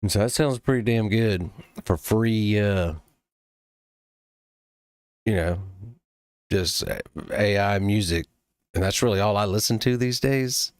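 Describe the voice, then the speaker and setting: A man demoing software he built, talking casually and loosely, with plenty of pauses and some cursing. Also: lowish voice, clear, resonant tone, dry recording, studio quality. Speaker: developer demoing his own app. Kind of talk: casual late-night screen-recording talk.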